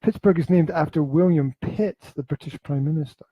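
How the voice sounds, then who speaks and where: A man's voice: on the high side, fairly quick, husky, dry recording, muffled recording. A man with a Scottish accent hosting a podcast in casual, playful banter with a co-host. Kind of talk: casual chat.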